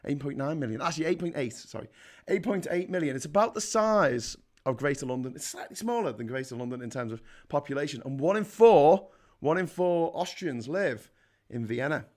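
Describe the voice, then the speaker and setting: A man in his forties hosts a casual history live stream and reads out the chat, speaking in a chatty, jokey way and often restarting his sentences. His voice is a little high, animated, a little mellow, and he talks a little fast.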